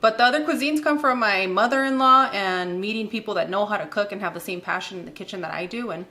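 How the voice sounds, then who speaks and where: A cheerful woman in her thirties hosts a cooking video from her home kitchen. Her voice is bright and forward. She talks casually, laughs easily and counts out loud while she works. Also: mid-range voice, fast talker. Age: 30s. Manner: chatty and giggly, counts aloud while working. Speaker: cooking channel host.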